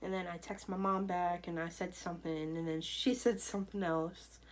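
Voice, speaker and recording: Young woman, casual vlog storyteller, slightly low voice, chatty and rambling. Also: steady tone, normal speed, slight background noise, poor audio. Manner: chatty, loose, full of "you know" and "like". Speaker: vlogger. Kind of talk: personal storytelling to camera.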